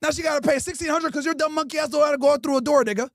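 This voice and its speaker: A man's voice: very high voice, very fast, background noise. A male host doing an improvised comedy roast, crude and mocking, hurling insults.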